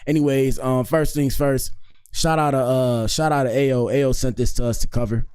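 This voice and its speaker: A man's voice: medium pitch, fairly even intonation, normal speed, a little mellow, clear, resonant tone. Laid-back slangy male streamer. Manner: laid-back, slangy, keeps saying "bro" and "dog". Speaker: streamer hosting a commentary show. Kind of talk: casual live-stream commentary.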